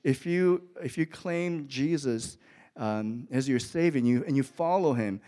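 A man's voice: mid-range voice, measured pace, warm tone. Male pastor, middle-aged, sermon delivery, storytelling with emphatic climbs. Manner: storytelling, rising to emphatic peaks. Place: church with an audience.

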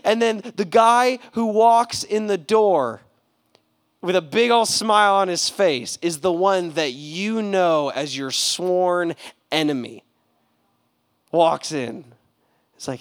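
A pastor delivers a sermon with a notably high voice, bouncing between hushed asides and loud, excited bursts. His delivery is conversational and full of slang, like telling a story to friends from the pulpit. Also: slow pace. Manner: animated, casual storytelling with slang.

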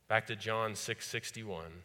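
A man's voice: lowish voice, measured pace, pushed and bright. A man preaching a sermon as pastor, repeating phrases and putting rhetorical questions to the congregation. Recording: long hall reverb.

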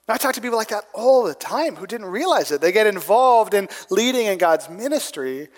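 Guy giving a sermon, fairly high voice, long echo from the hall, chatty, keeps saying right. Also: sing-song, a little fast, few pauses. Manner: conversational, says "right?" often. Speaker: pastor. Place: church room with people present.

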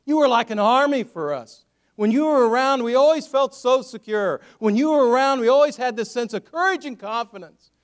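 A man's voice: extremely high pitch, fairly quick, voice pushed up. A man voicing a grieving young male prophet who cries out to his departed mentor in a raised, pleading, anguished voice.

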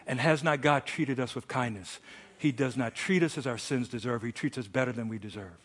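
A middle-aged man preaching a sermon, telling a story with big swings from hushed asides to shouted lines. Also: mid-range voice, a little fast. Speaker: pastor.

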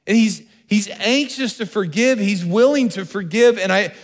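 Brief: male pastor, somewhat high voice, earnest sermon delivery, repeats lines for emphasis, big hall reverb. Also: normal speed.

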